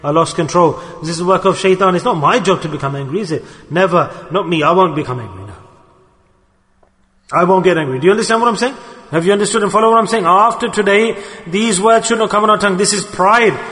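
A man preaches a sermon at a brisk clip, pressing his listeners with rhetorical questions. His voice sits high for a man. The sound rings with a long reverb from a large hall. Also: a bit bright. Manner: rapid, emphatic, asks the audience rhetorical questions. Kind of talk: sermon on a hadith.

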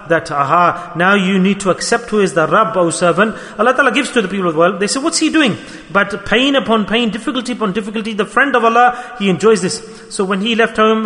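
A man's voice: high voice, sharp tone, big-room sound. A man preaching a storytelling sermon in an earnest, repetitive way, full of rhetorical questions.

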